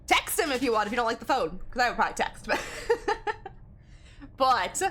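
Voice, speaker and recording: Giggly woman streamer rambling to chat, sharp bright voice. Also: a little high, very animated, normal speed. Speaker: game streamer. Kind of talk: casual live-stream chat.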